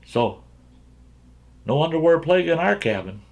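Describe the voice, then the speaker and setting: A man's voice: on the high side, very animated, moderate pace, vocal fry, darkish tone. A man hosting his own channel, telling a folksy, rambling story from his younger days and often chuckling as he goes.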